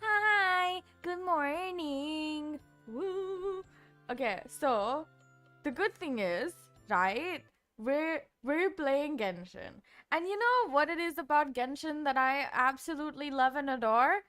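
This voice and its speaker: A bubbly woman streamer rambles happily as she plays, her high, bright voice tumbling from one thought to the next. Her chatter is loose and giggly, full of restarts and little asides. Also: lively intonation, measured pace, faint music behind. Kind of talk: casual let's-play chatter.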